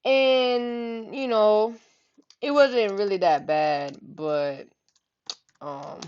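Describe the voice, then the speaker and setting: A woman's voice: mid-range voice, drawn-out words, a little mellow, slight background noise. A woman with a mid-range voice tells a story in loose, rambling talk, heavy on slang and curse words. She keeps checking in with the listener as she goes. The recording is slightly muffled and lo-fi. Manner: slangy, profane, repeats "you know what I'm saying".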